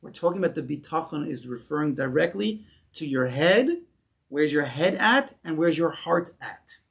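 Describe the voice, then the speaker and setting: A man teaching a casual Torah class with a slightly high voice. He talks animatedly, throws out rhetorical questions and acts out the stories he tells. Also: lively intonation, moderate pace, vocal fry, fairly bright tone.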